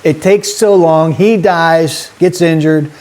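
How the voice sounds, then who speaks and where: A man's voice: on the high side, takes it slowly, darkish tone. A man hosting a casual vlog, rambling and chatty as he talks straight to his viewers. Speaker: YouTube host.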